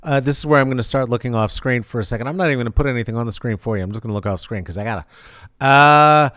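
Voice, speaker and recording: A man's voice: mid-range voice, quick pace, fairly bright tone, no echo, studio quality. A man hosting a sarcastic, rambling comedic news commentary with many fillers. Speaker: vlog host.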